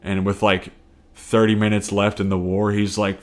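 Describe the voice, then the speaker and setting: A man's voice: on the low side, completely flat delivery, moderate pace. A man hosting a casual solo comedy podcast, rambling and profane, self-deprecating, and laughing often. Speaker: podcast host.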